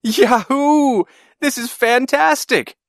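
A man voicing an eager young boy who loves airplanes, shouting with wide-eyed excitement. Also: medium pitch, normal speed, no echo, studio quality, pitched above the performer's own voice, close to an everyday voice. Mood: thrilled.

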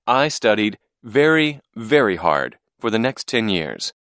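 A man reading a story, lively and dry. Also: on the low side, a little slow, few pauses, dry recording. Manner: clear, expressive reading. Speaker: narrator. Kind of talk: scripted storybook narration.

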